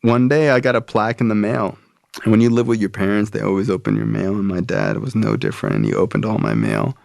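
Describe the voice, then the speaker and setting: A man's voice: fairly low pitch, fast talker, creaky, dry recording, clean studio sound. A man, a podcast guest, telling a personal story in a casual, loose way, full of "like" and "bro". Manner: casual, relaxed, frequent "like" and "bro".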